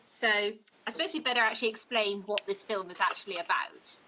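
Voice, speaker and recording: A woman co-hosting a comedic podcast as the prosecutor, critiquing a film in an opinionated, sharp-tongued way. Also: mid-range voice, a little fast, muffled recording, background noise.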